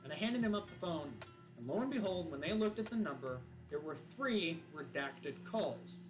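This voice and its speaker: Streamer guy telling a dramatic story, voice jumping all over, music loud behind. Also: on the high side, moderate pace, reverberant, rough recording. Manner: dramatic, animated narration. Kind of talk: improvised spoken storytelling.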